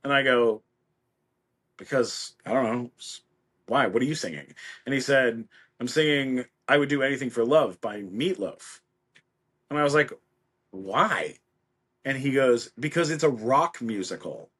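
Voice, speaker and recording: Man, middle-aged guest, mid-pitched; animated storyteller who acts out everyone he quotes. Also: normal speed. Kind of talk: casual anecdote.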